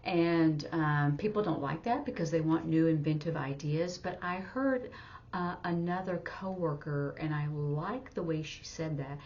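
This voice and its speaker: A woman teaching sign language in a casual, halting way, thinking aloud with many fillers as she explains. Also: low voice, darkish tone. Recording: dull lo-fi sound with faint noise.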